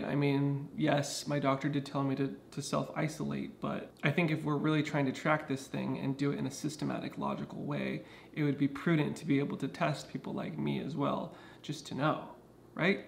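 A man's voice: on the high side, flat delivery, moderate pace, gravelly, slight background noise. A man talking casually to his camera at home, explaining things earnestly with frequent restarts. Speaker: vlogger. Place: indoors at home.

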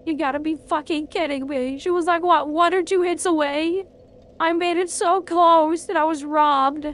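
High-voiced excitable woman streamer. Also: normal speed. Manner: excitable, swears a lot, talks at the game. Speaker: game streamer. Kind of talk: live gameplay commentary.

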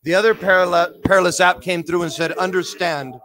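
A paranormal investigator with a high voice and slightly fast pace runs a spirit box session, calling out hushed questions to spirits and reporting what the apps say, with bursts of excited shouting. A crowd can be heard in the background.

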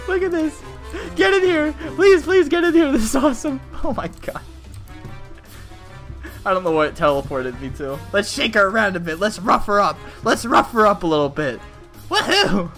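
A young man giving crude, excitable gameplay commentary, laughing often as he plays. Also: sits high, normal speed, pauses often, soft background music. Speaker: gaming YouTuber.

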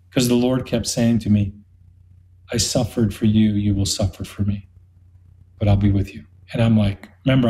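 Man in his fifties, interview guest, earnest testimony, mid-pitched voice, acts out quoted dialogue. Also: darkish tone, rough recording. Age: 50s.

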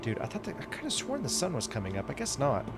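A man giving excited, chatty commentary while playing a space game, reacting aloud to everything he sees. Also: mid-range voice, fast talker. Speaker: gaming YouTuber. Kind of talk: casual gameplay commentary. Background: game music.

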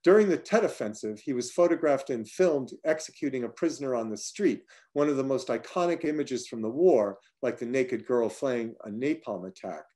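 A man reads his own personal prose aloud. His storytelling is dry and wry. His voice sits at an ordinary middle pitch. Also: expressive, normal speed, hardly any pauses, mellow. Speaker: writer reading his own work.

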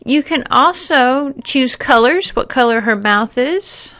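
A woman narrating a software tutorial, explaining each step plainly with occasional fillers. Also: high-pitched, animated, slow. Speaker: teacher giving a software tutorial. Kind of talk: screen-recorded tutorial narration.

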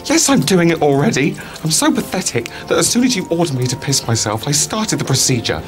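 A man's voice: fairly high pitch, sing-song, fairly quick. An actor playing a lazy, self-pitying man, whiny and sarcastic, in a sitcom clip with faint music behind.

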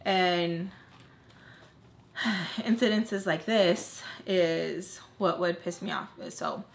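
A woman's voice: fairly low pitch, very slow, gravelly. A woman in her twenties telling a candid storytime, rambling with lots of fillers and swearing. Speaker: vlogger. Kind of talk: casual storytime vlog.

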